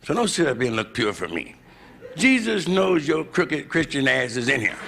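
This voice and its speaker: A man in his fifties doing a bawdy live stand-up routine, talking to a club crowd and jumping into loud put-on voices. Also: on the high side, big pitch swings, moderate pace, creaky. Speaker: stand-up comedian. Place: live club stage with audience. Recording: noisy live club recording.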